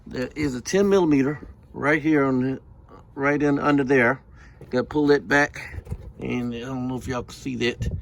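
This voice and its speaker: A man talks through a car repair in a loose, profane way, laying on the sarcasm as he goes. His pitch sits in an ordinary middle range. Faint background noise from the work area hangs behind him. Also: steady tone, normal speed, gravelly. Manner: profane, sarcastic, laid-back. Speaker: DIY car repair vlogger. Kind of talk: casual how-to narration. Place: garage or driveway, working on a car.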